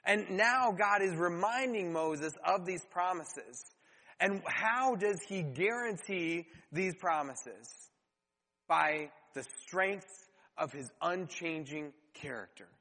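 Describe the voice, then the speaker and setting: A man's voice: sits high, lively intonation, slow pace, pushed and bright, in a large hall, poor audio. A male pastor preaching a sermon, earnest and direct, asking the listeners rhetorical questions.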